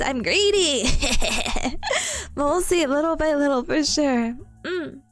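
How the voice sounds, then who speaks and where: A woman's voice: sits high, slow, dry recording, soft background music. Bubbly giggly young woman streamer. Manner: bubbly, giggly, stammering, squeals with excitement. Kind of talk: casual chat with live chat.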